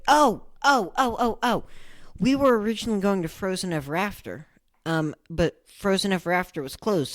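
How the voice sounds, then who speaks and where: A young woman co-hosting a podcast, telling stories in a relaxed casual way, her phrases often trailing off quietly. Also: on the low side, dry recording. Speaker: podcast co-host. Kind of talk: casual chat.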